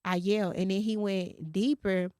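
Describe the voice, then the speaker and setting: A woman podcast host, telling a story in casual chat and quoting others in a lowered voice. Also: steady tone, a little slow, warm tone, no echo, studio quality.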